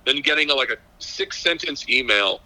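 A man's voice: mid-range voice, expressive, normal speed, sharp tone. A male comedian on a phone line, chatting casually and rambling with enthusiasm. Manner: rambling, self-mocking, enthusiastic. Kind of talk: casual chat.

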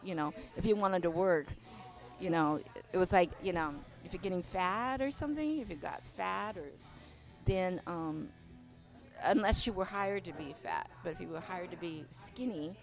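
Older woman guest, animated and profane, recorded in a bar with faint music behind. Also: lowish voice, moderate pace, creaky. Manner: animated storyteller, swears freely, acts out voices. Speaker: interview guest, veteran dancer. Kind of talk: casual storytelling interview. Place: inside a bar venue.

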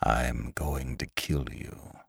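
A male narrator doing a cold, menacing corpse come back to life, speaking in a low, quiet voice. The delivery is slow and deliberate, with a dry, close sound. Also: slightly rough, dry recording, full character voice. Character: pale, cold dead man risen from the grave.

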